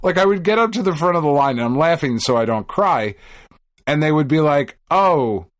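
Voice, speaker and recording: A man's voice: a little high, a little fast, no echo, clean studio sound. A man co-hosting a gaming podcast in casual chat, swearing freely and acting out quotes as he tells stories. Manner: profane, animated storyteller who acts out quotes. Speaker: podcast co-host.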